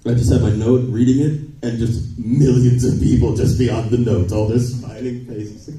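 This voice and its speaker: A middle-aged man telling stories as a guest on a convention panel, playful and quick to joke, recorded on a phone from far off in an echoey hall. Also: medium pitch, steady tone, dark tone. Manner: playful, jokey, breaks into laughs and impressions. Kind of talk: animated panel storytelling. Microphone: phone in the audience.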